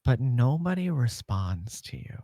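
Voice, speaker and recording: Lively game master man, very dry sound. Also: mid-range voice, measured pace, vocal fry, no echo. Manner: playful, laughs often. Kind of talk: narrating a tabletop game.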